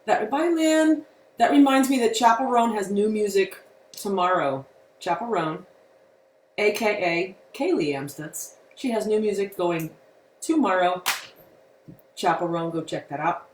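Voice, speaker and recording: A woman's voice: mid-range voice, unhurried, far from the mic, a little hiss or hum. A woman podcast co-host chatting casually and echoing her co-host's lines. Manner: chatty, echoes the other host.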